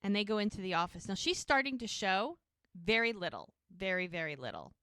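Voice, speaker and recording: Woman podcast host for a casual recap, bright lively voice with a dry, close sound, who acts out quoted lines. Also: medium pitch, brisk, clean tone, no room sound. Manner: animated retelling, acting out quoted lines.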